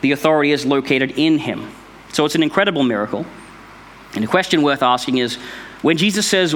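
A man's voice: on the high side, a little fast, a bit bright, slight background noise. A man giving an informal Bible study, explaining step by step in a thoughtful, conversational way. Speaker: Bible teacher.

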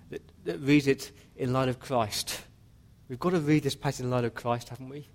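A man's voice: mid-range voice, darkish tone. A man preaching a sermon as pastor, earnest and pleading with his listeners.

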